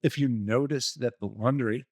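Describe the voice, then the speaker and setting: A man with a steady, mid-range, slightly mellow voice co-hosts a relationship coaching podcast, speaking at normal speed in a dry, studio-quality recording. His advice is casual, blunt and profane, and he acts out short scenes, quoting dialogue.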